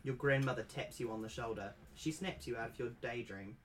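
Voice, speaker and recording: A man reading a spooky children's gamebook aloud to a friend. He tells it in a playful, animated way, and his voice sits in a middle range. He is easy to follow. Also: medium pitch, a little fast, slight background noise. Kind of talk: casual reading and chat.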